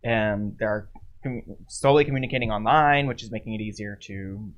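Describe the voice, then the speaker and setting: A woman's voice: very deep voice, fairly quick, muffled recording. A young woman guest who works with youth, talking in a frank, casual way with many "like"s. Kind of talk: casual chat.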